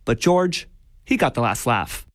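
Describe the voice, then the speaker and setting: A man's voice: medium pitch, very animated, unhurried, no room sound, clean studio sound, soft background music. A man narrating a radio story in a playful, wry scripted way.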